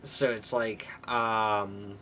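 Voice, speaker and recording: A man's voice: on the low side, flat delivery, very slow, sharp tone, slight background noise. A young man streaming live, chatting candidly and rambling with his viewers and laughing easily. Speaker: livestreamer. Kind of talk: casual live stream chat.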